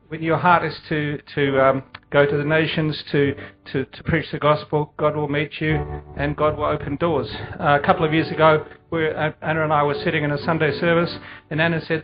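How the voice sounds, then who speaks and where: A man's voice: on the high side, flat delivery, fairly quick. A man giving a personal testimony in church, hesitant and repeating words at first. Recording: muffled church recording with music.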